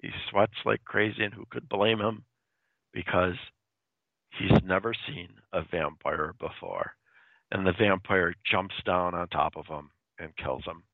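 Gravelly low-voiced man retelling a story. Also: measured pace, dry recording. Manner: chatty, with fillers and quoted voices. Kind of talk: casual spoken retelling of a story. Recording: dry, tinny phone-like sound.

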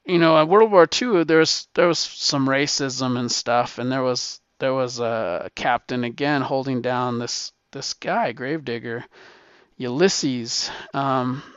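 Answering a question as a guest, this man recounts the plot of a war comic casually, stumbling through restarts, fillers and profanity. He has a medium-pitched, fairly bright, clean voice and speaks at a measured pace. The sound is dry with no echo, though dull and somewhat lo-fi.

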